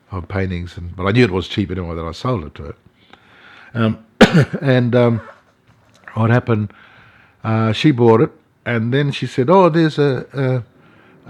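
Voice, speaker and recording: Older Australian man, low and halting. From Central Australia. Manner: halting, many fillers and restarts. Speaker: artist and elder, interviewee. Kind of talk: reflective interview storytelling.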